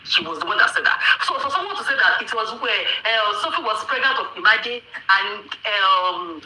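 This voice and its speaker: A woman's voice: medium pitch, lively intonation, normal speed, bright, forceful tone, slight background noise. Preachy woman on a roomy phone line. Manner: preachy, repetitive, with frequent restarts. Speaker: caller on a live audio chat. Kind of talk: impassioned opinion on a live chat.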